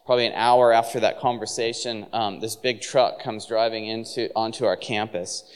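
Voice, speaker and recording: A man's voice: on the low side, fairly even intonation, normal speed, clear, resonant tone. A man preaching a sermon, telling a personal story with laughs and acted-out quotes. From San Francisco. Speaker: pastor. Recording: long reverb of a large hall.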